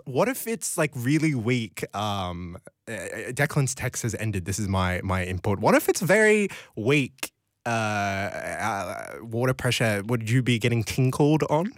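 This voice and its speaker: A man's voice: lowish voice, big pitch swings, measured pace, no room sound, clean studio sound. A young man hosting a late-night radio show, chatting casually and reading listener texts, rambling off into giggly tangents. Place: radio studio. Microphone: studio microphone.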